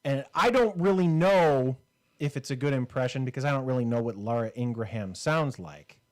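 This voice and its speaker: A man's voice: mid-range voice, animated, moderate pace, a little mellow. Rambling, joking man podcast host. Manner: rambling, joking, with frequent fillers. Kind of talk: casual comedy podcast banter.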